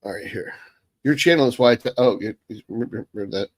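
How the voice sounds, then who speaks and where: American guy doing a live q&a, blunt and sweary, mid pitch, dead dry mic. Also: fast talker, no room sound. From United States. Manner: blunt and profane, reads viewer questions aloud. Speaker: host answering viewer questions. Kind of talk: casual live-stream Q&A.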